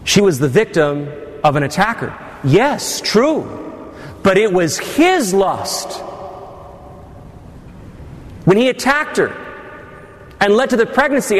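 A man's voice: high voice, sing-song, slow, pauses often. A male priest giving a sermon to his congregation, with teasing asides. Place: church. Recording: long church reverb.

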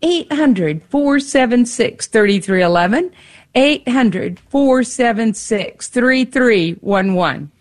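A woman's voice: on the high side, lively intonation, slow. A woman co-hosting a radio pledge drive, chatty and encouraging, repeating the call-in number. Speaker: radio fundraiser co-host. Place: radio studio.

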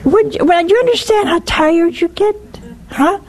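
A woman hosting a religious call-in show, teaching with lively storytelling and acted-out little dialogues. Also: very high-pitched, moderate pace. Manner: animated storytelling, acts out dialogues. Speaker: host.

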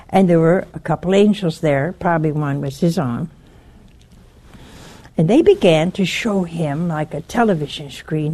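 A woman's voice: sits low, warm tone, breathy edge. A woman giving an earnest, urgent warning to listeners and telling a story in plain, direct words.

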